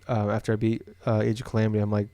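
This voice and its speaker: A young man from Iowa chatting on a gaming podcast in a low, easygoing voice. He rambles, circling back with fillers and restarts. The sound is dry and close, with no room around it. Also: monotone, very fast, mellow, no echo. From Des Moines, Iowa. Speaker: podcast co-host. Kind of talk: casual chat.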